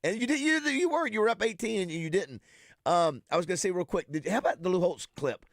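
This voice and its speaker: A man's voice: high voice, animated, fast talker, no echo. Rambling male radio co-host, dry studio. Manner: storytelling, repeats words, trails off quietly. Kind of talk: casual radio chat. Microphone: studio mic.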